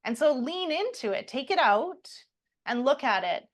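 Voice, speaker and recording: Woman co-host, bright higher voice, quick emphatic summaries. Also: very animated. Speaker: podcast co-host. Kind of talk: casual podcast chat.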